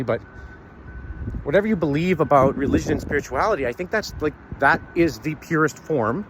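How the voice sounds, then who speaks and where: A man's voice: a little high, noisy background. Earnest man musing aloud while walking. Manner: earnest, halting, searching for words. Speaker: vlogger. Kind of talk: reflective personal talk. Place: outdoors, walking in the sunshine.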